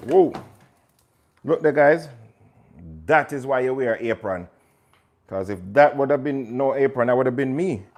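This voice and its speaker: Jamaican male chef, relaxed live-stream host, playful and talkative. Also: mid-range voice, a little slow, long pauses. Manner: chatty and joking, talks straight to viewers. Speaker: chef hosting a livestream. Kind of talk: casual live cooking chat.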